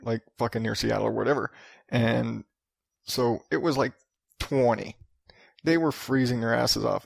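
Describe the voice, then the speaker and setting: A man's voice: mid-range voice, gravelly, no room sound, studio quality. A man in his thirties hosting a solo podcast, ranting and rambling with lots of swearing. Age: 30s. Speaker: podcast host.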